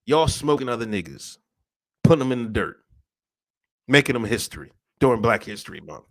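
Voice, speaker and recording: Laughing man co-host, lively voice. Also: medium pitch, fairly quick, no room sound. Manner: laughing often, profane, reads viewer comments. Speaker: podcast co-host. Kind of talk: casual podcast banter.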